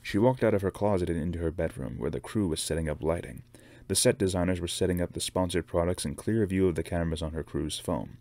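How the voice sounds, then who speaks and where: A man narrates a novel aloud in a steady, measured reading. His voice sits very low. He reads as the host of his own book-reading series. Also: no room sound. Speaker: reader.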